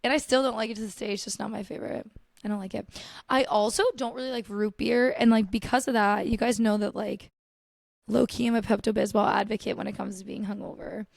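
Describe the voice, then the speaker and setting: A woman's voice: medium pitch, fairly even intonation, a little fast, gravelly, no echo, clean studio sound. A young woman hosting a podcast alone, rambling casually about TV and food with lots of "like" and swearing, dramatic and gushing. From United States. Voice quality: chatty, profane, filler-heavy with lots of "like". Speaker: podcast host. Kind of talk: casual solo chat.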